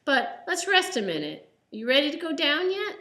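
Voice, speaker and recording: A woman storyteller voicing a kind, calm mother who talks to a child in a gentle, reassuring way. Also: sits high, normal speed, roomy sound, voice pushed up, exaggerated voice. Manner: soothing, friendly.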